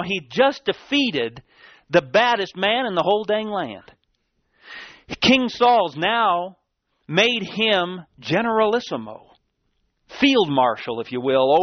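Guy preaching hard, highish voice, keeps hammering words, dull dry tape sound. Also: dry recording. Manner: emphatic, repeats key words, swings between raised and dropped voice. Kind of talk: sermon. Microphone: sermon tape recording.

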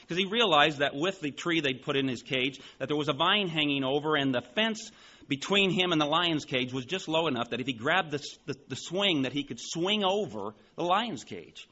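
A man in his forties preaching a sermon, telling a story with animated emphasis. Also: fairly high pitch, moderate pace, muffled recording. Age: 40s. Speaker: pastor.

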